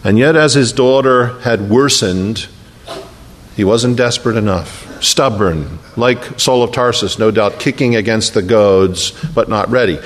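A man preaches to a congregation in a storytelling way. His voice sits at a middle pitch. He often sinks into a slow, hushed tone to press a point home, and his words ring out with the long reverb of a large church hall. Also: a little hiss or hum. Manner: storytelling, often dropping to a quiet slow hush for emphasis. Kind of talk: sermon. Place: church sanctuary.

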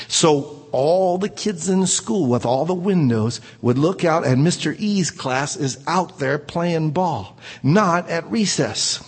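A man telling a personal story aloud in an earnest way, rising to excited emphasis. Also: a little high, a little slow, husky. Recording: reverberant room.

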